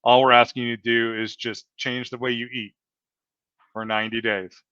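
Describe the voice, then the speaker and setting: Rambling earnest host, bright tense voice. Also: male voice, mid-range voice, level tone, normal speed, clean tone, no room sound. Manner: rambling, many restarts and "you know"s, earnest. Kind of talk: casual interview chat. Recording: dull lo-fi dry sound.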